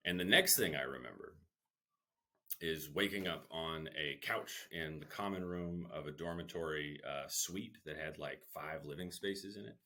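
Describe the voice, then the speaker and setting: A male comedian, a guest on a podcast, telling a long self-deprecating story with lively swings and the odd curse word. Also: rumbling low, moderate pace. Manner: animated, self-deprecating storyteller who swears.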